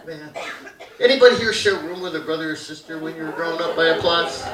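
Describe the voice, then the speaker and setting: A man doing a stand-up comedy set on a theater stage, animated and bursting into shouted impressions of his dad. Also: on the high side, quick pace, a crowd in the background. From Canada. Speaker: stand-up comic. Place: theater stage with audience laughter. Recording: roomy, distant theater recording.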